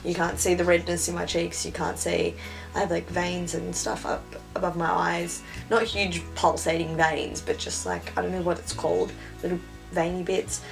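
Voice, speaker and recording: A woman's voice: lowish voice, flat delivery, moderate pace, vocal fry, soft background music. A young woman chatting casually and self-mockingly through a makeup tutorial. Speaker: beauty vlogger.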